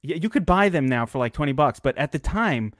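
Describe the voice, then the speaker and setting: Brief: opinionated male podcast co-host with a lively, swinging pitch and a dry, close sound that swears a lot. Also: a little fast, no echo. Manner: opinionated, animated, swears freely, stammers on restarts. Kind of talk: casual fantasy sports chat.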